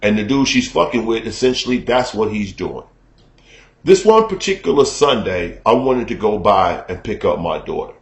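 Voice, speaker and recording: A man's voice: on the low side, big pitch swings, moderate pace. Man ranting in a roomy echo. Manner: profane, conversational, keeps checking in with the listener. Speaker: vlogger telling a personal story. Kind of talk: casual storytelling rant to camera.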